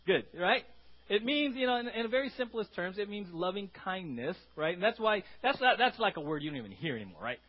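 A man with a high voice preaches a sermon with animated energy. He keeps it conversational and repeats words as he goes. The church recording is dull and lo-fi. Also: fairly quick, slightly rough. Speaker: pastor.

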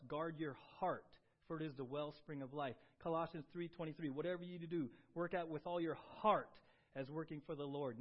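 A man preaching a sermon as pastor, shifting between quiet confession and loud, urgent exhortation. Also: on the high side, muffled recording.

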